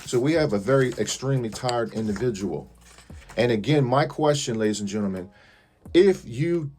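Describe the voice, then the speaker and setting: Man, vlogger, indignant complaint, pointed repeated questions, middle pitch, faint music bed. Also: mellow. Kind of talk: complaint video to viewers.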